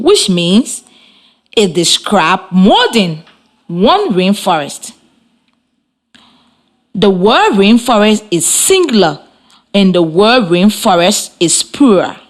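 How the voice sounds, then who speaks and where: A woman radio teacher talks slowly and deliberately. Her pitch moves a lot as she encourages young listeners. She gives each instruction one step at a time. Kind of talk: radio classroom lesson.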